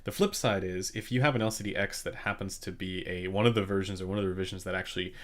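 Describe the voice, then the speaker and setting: A man hosting a casual live-stream Q&A about headphones, speaking in a relaxed, rambling way with many fillers and restarts into a slightly quiet condenser microphone. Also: low-pitched, quick pace. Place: home room during a studio move. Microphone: studio condenser microphone, a bit quiet.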